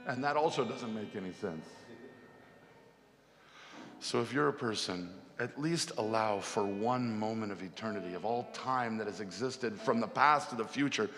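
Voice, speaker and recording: Guy telling a teary spiritual story, lots of pauses, big echoey hall. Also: fairly low pitch, a bit bright. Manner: heartfelt, tearful storytelling with long pauses. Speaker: speaker at a devotional music festival. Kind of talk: emotional spiritual talk with a first-person parable. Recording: long hall reverb with music behind.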